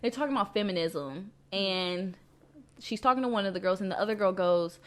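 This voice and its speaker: A woman's voice: medium pitch, fairly quick, fairly bright tone. A woman co-hosting a podcast, telling stories in a blunt, slangy, profane way. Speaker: podcast co-host. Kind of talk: casual chat.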